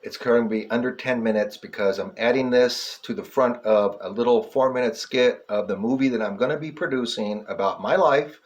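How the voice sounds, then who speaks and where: A man's voice: medium pitch, normal speed, hardly any pauses. A man delivering an agitated, profane, rambling rant straight to camera, repeatedly addressing his viewers as folks. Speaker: self-publishing filmmaker addressing police. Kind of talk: angry direct-to-camera rant.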